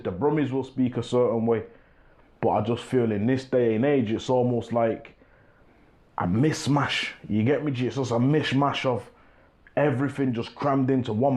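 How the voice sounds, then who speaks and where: A man's voice: medium pitch, dark tone. A young man from England talks casually, hosting his own show and often asking "you get me". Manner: laid-back, repeats "you get me" often. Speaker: talk show host. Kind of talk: casual monologue to camera.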